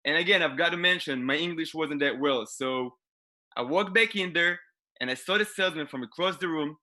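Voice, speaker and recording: A young man with an Israeli accent performing a deadpan stand-up comedy set over a video call. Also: on the high side. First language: Hebrew. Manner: deadpan delivery, halting English.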